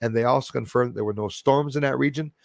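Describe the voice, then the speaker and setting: A man reads space headlines aloud and drifts into rambling, skeptical asides, often breaking off and restarting mid-thought. His voice sits at an ordinary middle pitch and is recorded close and dry, with no room sound. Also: fast talker, creaky, no room sound. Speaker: news vlogger. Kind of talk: casual commentary reading news aloud.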